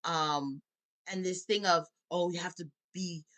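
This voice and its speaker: A woman's low-leaning, fairly bright voice moves at an unhurried pace with fairly even intonation. As a guest, this musician and life coach talks openly about tough years, occasionally crying, laughing through the tears, and acting out her inner thoughts. The setting is a candid personal conversation full of emotion.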